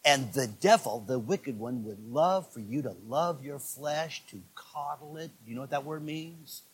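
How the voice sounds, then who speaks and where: A man preaching a sermon as pastor, swinging from low, quiet asides to shouted, fired-up exhortation. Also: measured pace, husky.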